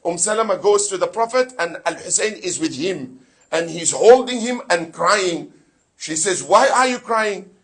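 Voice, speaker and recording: A man preaching a sermon with fervor, his voice high-pitched and noticeably husky. He throws rhetorical questions at his congregation and slips Arabic phrases and scripture recitation into his English. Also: animated, normal speed. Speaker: sheikh giving a Muharram lecture.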